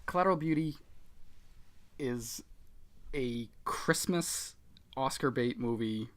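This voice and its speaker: Brief: sarcastic male podcast co-host, bright tense voice, animated casual movie talk. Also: mid-range voice, slow pace. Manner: sarcastic, animated, swears freely. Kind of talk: casual movie-review chat.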